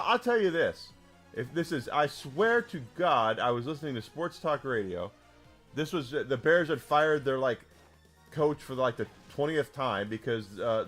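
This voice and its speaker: A man's voice: mid-range voice, a bit bright. A man, chatting with his viewers while streaming a game, telling stories in a rambling way with lots of restarts. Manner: rambling storyteller, lots of restarts, swearing it's true. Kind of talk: casual chat while gaming, talking to chat. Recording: faint game music underneath.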